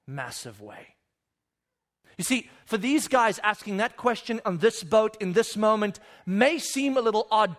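A man preaching a sermon in a conversational way, acting out the story with sudden loud and hushed moments and often asking "right?". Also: high voice. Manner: animated storytelling, acts out disciples and Jesus with sudden loud and hushed voices; conversational, keeps checking with "right?". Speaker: pastor.

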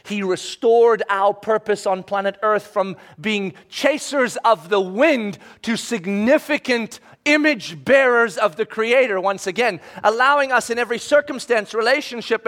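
A man preaching a sermon with passion, acting out the voices of people in his stories and swinging between loud bursts and hushed lines. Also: extremely high pitch. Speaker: pastor.

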